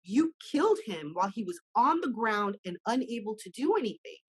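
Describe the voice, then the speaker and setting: A woman with a slightly high, husky voice speaks as a guest in a conversation. She talks with passion and acts out small scenes as she makes her point. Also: big pitch swings, brisk, poor audio.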